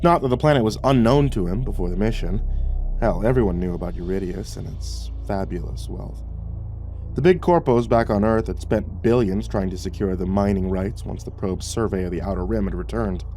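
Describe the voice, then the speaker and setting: A man narrating a scripted sci-fi horror story in a steady, measured way. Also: lowish voice, faint music behind.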